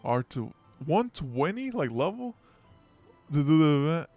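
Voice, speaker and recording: A man streaming a story game, chatting casually and excitably with viewers between story reads. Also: a little high, measured pace, soft background music. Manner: casual, excitable, joking with chat. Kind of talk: live game playthrough chat.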